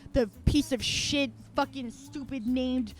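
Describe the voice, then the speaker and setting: A woman's voice: high voice, fairly even intonation, slow pace. A woman streaming live, ranting in a heated, profane way and swearing freely. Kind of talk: live-stream movie rant.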